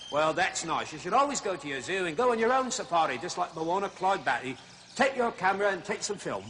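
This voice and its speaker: A man's voice: sits high, fairly bright tone, a little hiss or hum. An actor playing a chattering, chuckling male zookeeper who hosts zoo films, a little out of breath, in a TV comedy sketch. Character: jolly blustering male zookeeper safari host. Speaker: zoo film host.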